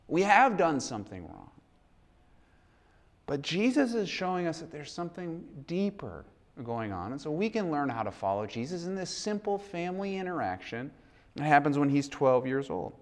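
Earnest conversational male preacher. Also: a little high. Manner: conversational, earnest, acts out quoted dialogue. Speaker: pastor. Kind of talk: sermon.

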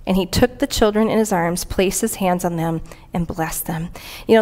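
An earnest woman delivers a conversational sermon in a church, her voice sitting at an ordinary middle pitch. She talks plainly to her congregation and stops now and then to read aloud from scripture and a commentary. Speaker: preacher.

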